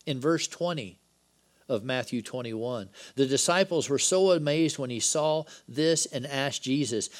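A man delivering a Bible-study sermon, his voice sitting at an ordinary middle pitch. He explains scripture conversationally and breaks it up with joking asides. When he reads the dialogue aloud, he gives it lively emphasis. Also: a little slow. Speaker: preacher.

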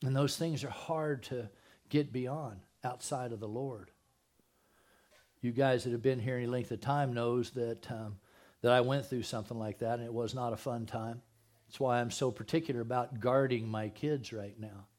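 A man's voice: medium pitch, fairly even intonation, moderate pace, darkish tone. A man preaching a conversational sermon as pastor at a church service, asking the congregation questions and dropping jokey asides.

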